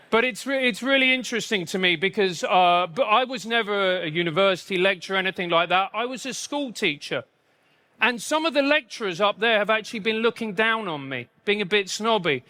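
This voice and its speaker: Bright-voiced English stand-up comic. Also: male voice, high voice, smooth. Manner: punchy, self-mocking delivery with quick asides. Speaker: stand-up comedian. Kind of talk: live stand-up comedy.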